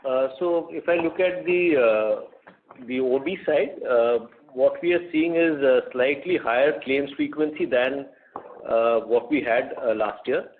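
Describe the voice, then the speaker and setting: A man's voice: medium pitch, measured pace. A man, a company executive answering analyst questions unscripted, thoughtful and full of fillers. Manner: thoughtful, hesitant, many fillers. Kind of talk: unscripted answers on an earnings call. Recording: tinny phone line.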